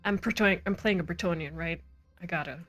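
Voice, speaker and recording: A woman game master chatting casually at the end of a live tabletop stream, bubbly and quick to giggle, on a desk microphone at home. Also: on the low side, fairly bright tone, soft background music.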